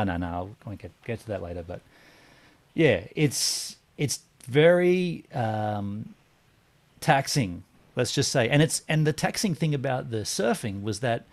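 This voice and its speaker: A man, co-hosting a casual live-stream chat and reading out viewers' comments with halting fillers. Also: lowish voice. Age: 40s. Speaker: podcast co-host.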